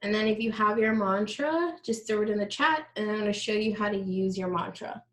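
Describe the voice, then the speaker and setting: A woman's voice: mid-range voice, brisk, fairly bright tone, poor audio. Woman coaching an online workshop. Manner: friendly, explanatory, coaching the audience directly. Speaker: money mindset coach. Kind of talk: live online workshop teaching.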